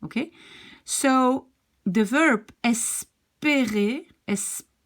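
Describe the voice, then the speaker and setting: A woman's voice: medium pitch, sing-song, a little slow, gravelly. A woman teaching a language lesson, explaining patiently, repeating examples step by step, with Dutch as her first language.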